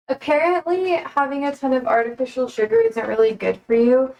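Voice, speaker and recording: A woman's voice: high-pitched, big pitch swings, fairly quick, vocal fry, few pauses, darkish tone, rough recording. A young woman livestreaming from her kitchen, chatting casually and rambling between talk to her pets. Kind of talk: casual chat while cooking.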